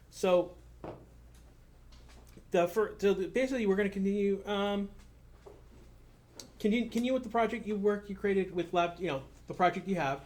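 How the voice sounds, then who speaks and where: A man's voice: high voice, darkish tone. A man teaching a college game development class, explaining in an informal way, thinking aloud and often repeating himself as he works through each point. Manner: blunt about tools he dislikes. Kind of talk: recorded classroom lecture.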